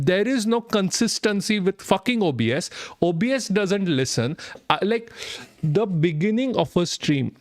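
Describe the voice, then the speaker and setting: A man, hoarse from being sick, rants in frustration on a live stream and swears constantly. His voice sits a little high for a man. The sound is dry and close, with no room echo. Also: expressive, normal speed. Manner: frustrated, swears heavily, mixes in Hindi.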